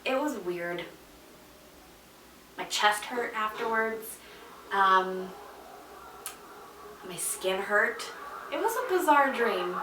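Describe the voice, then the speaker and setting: A woman's voice: mid-range voice, expressive, slow pace, pauses often, background noise. A woman vlogger casually telling a story, chatty, with many fillers and asides. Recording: echoey room, mic at a distance.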